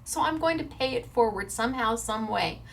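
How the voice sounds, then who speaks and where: A woman's voice: on the high side, lively intonation, creaky, fairly bright tone, slight background noise. A woman hosting a crafting show, chatting casually to viewers in an earnest, emotional way. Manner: earnest and emotional, quick to tear up.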